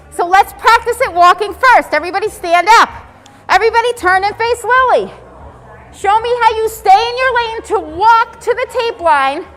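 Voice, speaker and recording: A woman leads a room of children through exercises, with a very high, bright voice and upbeat counting. Her voice rings with a long reverb from the hall around her. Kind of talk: leading a kids' exercise session.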